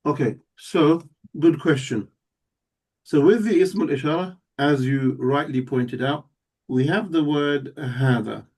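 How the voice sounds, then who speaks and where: A man's voice: a little high, unhurried, a little mellow. A man teaching a live Arabic class, explaining step by step and checking that students follow. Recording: voice somewhat distant from the mic.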